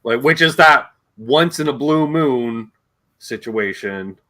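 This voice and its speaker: A man's voice: mid-range voice, expressive, slow pace, bright, forceful tone. A man hosting a casual chat, mostly giving short agreeing replies. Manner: brief, agreeable backchannel replies. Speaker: host.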